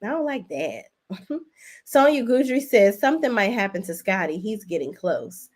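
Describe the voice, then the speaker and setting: A chatty woman hosts a casual livestream, recapping soap operas at a moderate pace in a medium-pitched voice. She's animated and talks directly to her chat.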